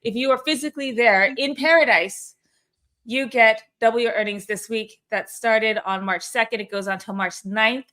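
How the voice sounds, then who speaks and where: A woman with a slightly high, bright-sounding voice hosts a weekly company call. She chats in a loose, upbeat way, stumbling over fillers and restarting her sentences. She talks into a video-call mic. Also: moderate pace. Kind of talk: casual livestream chat.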